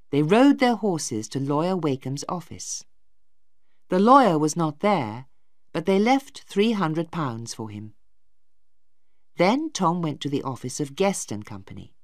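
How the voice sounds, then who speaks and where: A woman narrating a simplified story for English learners, slow, clear and expressive. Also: low-pitched, dry recording, studio quality.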